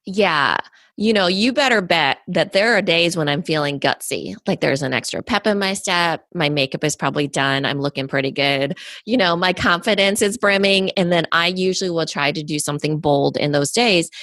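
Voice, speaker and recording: Lively, laughing woman with a low, dry voice. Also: normal speed, no room sound. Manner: animated storyteller, laughs often, goes off on tangents. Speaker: podcast co-host. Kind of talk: casual chat.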